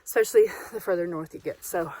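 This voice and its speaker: A woman's voice: fairly low pitch, warm tone, no echo, low-quality recording. Woman hiker vlogger, out of breath, chatty rambling talk, outdoor trail, handheld camera. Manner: chatty, rambling, quick to laugh. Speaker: vlogger hiking solo. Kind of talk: casual vlog monologue.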